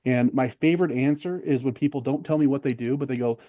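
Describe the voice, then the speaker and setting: A man talks quickly in a relaxed interview, his words tumbling out with fillers and restarts. His voice is mellow and dark, and the sound is dry and close. He slips into quoted voices of other people as he talks. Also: medium pitch, no room sound. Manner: fast, rambling, many fillers and restarts. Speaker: podcast guest. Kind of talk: casual conversational interview.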